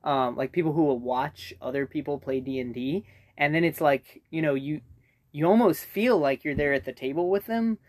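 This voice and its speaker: A man's voice: fairly high pitch, a little mellow. A man hosting a casual podcast chat, joking and jumping from topic to topic. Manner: joking, quick to go off on tangents. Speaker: podcast host.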